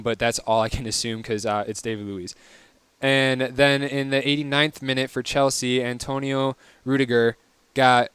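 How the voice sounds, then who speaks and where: A man's voice: mid-range voice, clear, resonant tone, no echo. A young man hosting a casual solo soccer recap, chatty, wry and opinionated. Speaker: podcast host.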